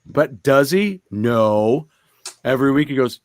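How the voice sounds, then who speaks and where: A man's voice: medium pitch, expressive, moderate pace, no room sound. Chatty rambling man co-hosting. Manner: chatty, rambling with many fillers. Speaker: co-host. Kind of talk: casual stream chat.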